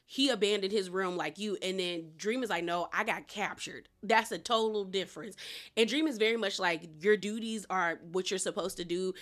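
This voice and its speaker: A woman reviewing a TV show, chatting through a casual recap in a slangy manner with quick asides. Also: medium pitch, fairly bright tone.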